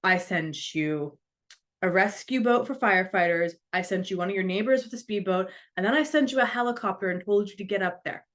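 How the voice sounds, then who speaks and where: A woman's voice: medium pitch, brisk, close to an everyday voice. A woman voicing God, who lectures a man in an exasperated, pointed way.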